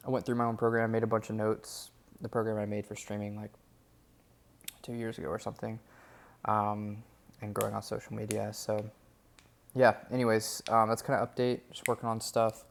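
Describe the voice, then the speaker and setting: Low, gravelly-voiced man vlogging candidly. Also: completely flat delivery, normal speed, slight background noise. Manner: rambling, candid, many fillers. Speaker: vlogger documenting his days. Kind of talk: casual daily vlog.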